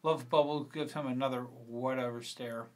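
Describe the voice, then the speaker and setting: A man's voice: mid-range voice, fairly even intonation, moderate pace. A middle-aged man casually reading his own screenplay aloud, with fillers and self-corrections. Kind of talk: screenplay read-through.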